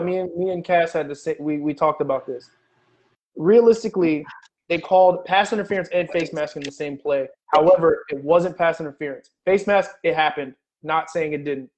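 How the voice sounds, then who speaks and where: A man's voice: fairly high pitch, a little mellow, lo-fi sound. A man co-hosting a casual sports podcast, arguing emphatically and swearing about referee calls. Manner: argumentative, emphatic, profane. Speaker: podcast co-host. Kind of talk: heated casual sports debate.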